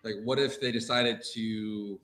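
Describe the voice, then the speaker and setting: A man's voice: on the low side, steady tone, measured pace, fairly bright tone. Rambling man full of "like". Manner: rambling, lots of "like". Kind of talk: casual chat. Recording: echoey room, faint noise.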